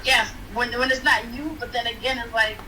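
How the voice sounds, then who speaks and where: Woman, fairly high voice, frank, animated, noisy voice-chat line. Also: brisk. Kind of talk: casual group chat.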